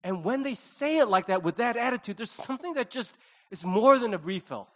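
Middle-aged man, pastor; chatty sermon, animated storyteller, voices the dialogue, wide pitch swings. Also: fairly quick. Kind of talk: conversational sermon.

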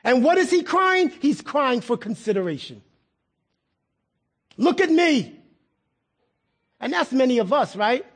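A man's voice: very high-pitched, very animated, moderate pace, few pauses, fairly bright tone. A middle-aged male pastor preaching a sermon in a conversational way, repeating words and asking the congregation questions.

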